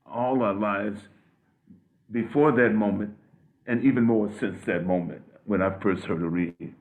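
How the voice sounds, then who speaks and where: An older man on a video call giving an emotional tribute, halting and restarting often. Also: fairly low pitch. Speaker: guest speaker. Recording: phone-like audio.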